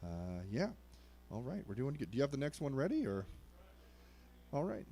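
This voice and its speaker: A man's voice: mid-range voice, big pitch swings, normal speed, creaky, mellow, a little hiss or hum. A man hosting an online open mic, loosely rambling through his introductions. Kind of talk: casual live-stream hosting.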